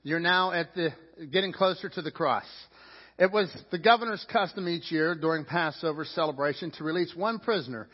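A male pastor preaching a sermon, swinging his pitch and loudness and acting out the voices of a crowd. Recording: dull lo-fi sound with long reverb in a hall.

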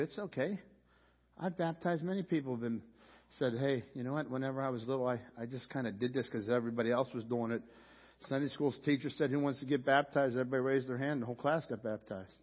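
A male pastor preaching a sermon in a church, talking in a loose conversational way and restarting his sentences often. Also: fairly high pitch. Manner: conversational, repeats words when starting sentences. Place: church sanctuary. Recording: dull sound, long reverb of a church hall.

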